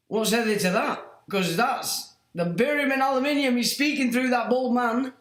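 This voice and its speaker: A man's voice: very high voice, moderate pace, few pauses, a bit bright, echoey room. A man hosting a livestream, exclaiming and mocking as he comments. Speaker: livestream host.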